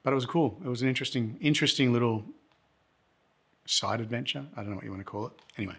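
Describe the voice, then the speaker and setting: An Australian travel vlogger tells a story straight to camera in a laid-back, rambling way, correcting himself as he goes. His medium-pitched voice is husky, creaky and fairly bright, and he talks fast.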